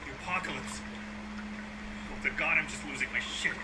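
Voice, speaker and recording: A man's voice: a little high, measured pace, pushed and bright, a little hiss or hum, poor audio. An actor voicing a frightened man calling out anxiously in a horror game. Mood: shaken.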